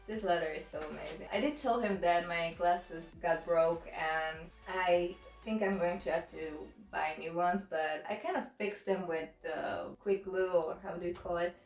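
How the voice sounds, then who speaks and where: A woman's voice: lowish voice, measured pace. A woman makeup vlogger chatting casually to the camera, giggling often and gushing with thanks. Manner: giggly, laughs often between words; gushing and grateful. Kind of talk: casual vlog chat to the camera. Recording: roomy echo with faint background music.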